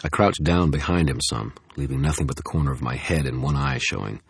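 A man's voice: a bass voice, fairly quick, breathy edge, no room sound. A man narrating an audiobook in the first person, with wry, tense storytelling into a close microphone.

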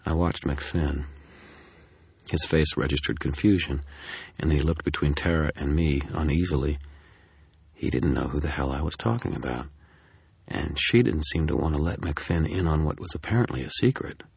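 A man narrating a first-person audiobook in a steady, dry storytelling manner. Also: a bass voice, moderate pace, creaky, husky, no room sound.

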